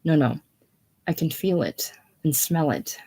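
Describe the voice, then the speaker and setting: A reader voicing a very old, deaf man, a poet and showman, speaking in short, loud declarations. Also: medium pitch, a little slow, gravelly, slightly rough. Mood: proud.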